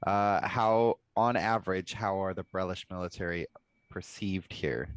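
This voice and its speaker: A man playing a tabletop game who asks inquisitive, halting questions. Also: low voice, slight background noise. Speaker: player. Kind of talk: casual tabletop game play.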